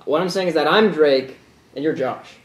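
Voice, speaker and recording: A young man delivers sarcastic comedy news lines in a dry, deadpan way. His voice sits a little high, and the room around him echoes. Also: normal speed, far from the mic. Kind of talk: sketch comedy news banter.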